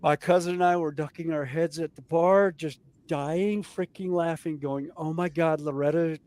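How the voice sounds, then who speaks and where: A man with a Southern US accent telling stories in a casual chat, animated and chuckling as he goes. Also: on the high side, normal speed, no room sound. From Southern United States. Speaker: podcast co-host.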